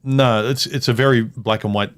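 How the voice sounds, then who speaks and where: A man's voice: medium pitch, steady tone, normal speed. A man hosting a casual livestream chat, reading viewer comments aloud and reacting to them. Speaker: livestream host.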